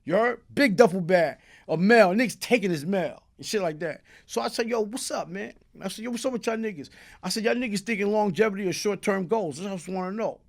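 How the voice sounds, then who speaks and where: With a high pitch, quick pace and vocal fry, a man from Brooklyn speaks in a New York accent as an interview guest. He casually tells a long story that's streetwise and profane, using tag questions like "you heard?".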